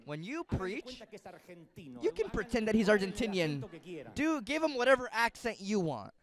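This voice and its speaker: A male pastor preaching a sermon as an animated storyteller who jokes with the congregation. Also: high voice, normal speed.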